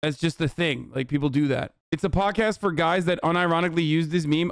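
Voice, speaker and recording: A man's voice: fairly high pitch, fast, hardly any pauses, smooth, no echo, studio quality. A young man streamer reacting to clips, talking bluntly and profanely in a ranting commentary. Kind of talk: casual commentary.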